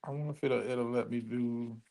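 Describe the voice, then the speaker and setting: A man's voice: medium pitch, steady tone, fairly quick, gravelly, mellow. A tired man hosting a live stream and signing off from his phone. He rambles casually and swears freely. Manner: profane, loose, rambling. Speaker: stream host.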